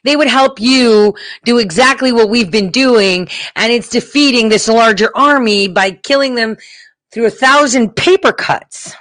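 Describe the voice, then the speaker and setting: A woman's voice: fairly high pitch, unhurried, fairly bright tone, no echo. A woman talking straight to her viewers, heated and emphatic, swearing freely as she rants. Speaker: political commentator. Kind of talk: casual profane rant to viewers.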